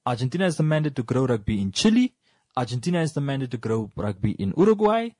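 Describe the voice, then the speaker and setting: A man's voice: mid-range voice, very animated, fast talker, darkish tone, breathy edge, no room sound. Male co-host, emphatic and insistent in casual talk, dry close mic. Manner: emphatic, repeats points for stress. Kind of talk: casual discussion.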